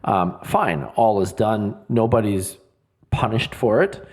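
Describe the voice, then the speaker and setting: Measured man co-host, low voice. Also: animated, a little mellow. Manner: measured, steers the talk with questions. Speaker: podcast co-host. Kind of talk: podcast discussion.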